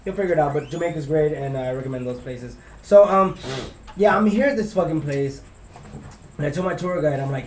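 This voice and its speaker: Young man from Laredo, rambling and profane, a high voice; distant mic with faint hiss. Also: brisk, reverberant. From Laredo, Texas. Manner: rambling, profane, trails off into mumbles. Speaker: podcast co-host telling a story. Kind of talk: casual storytelling.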